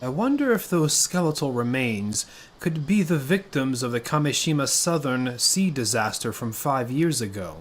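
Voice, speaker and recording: A man's voice: medium pitch, expressive, natural voice. A man reading a polite married woman investigator. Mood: calm. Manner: courteous, measured game dialogue reading. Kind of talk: reading game dialogue aloud. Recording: game music playing behind.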